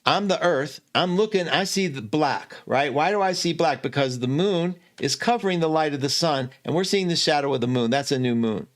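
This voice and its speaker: A man with a somewhat high voice explains an astrology chart in a loose, chatty way. He jumps up and down in pitch, laughs at himself, and fixes his own slips as he goes, like a host teaching from his home computer. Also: normal speed, few pauses. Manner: chatty, animated, self-correcting with laughs. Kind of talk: casual teaching talk.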